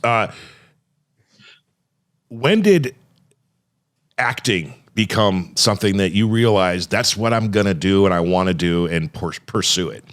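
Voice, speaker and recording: A man's voice: deep voice, expressive, a little slow, pauses often, a bit bright. A man hosting a podcast, chatting with his guest in a laid-back, friendly way. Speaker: podcast host. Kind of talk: casual interview chat.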